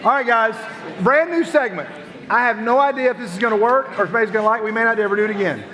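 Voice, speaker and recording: A man hosting a youth group night, joking with the crowd in playful, animated stage banter. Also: very high voice, racing. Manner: jokey and animated, laughs often. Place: large hall with audience. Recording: long hall reverb.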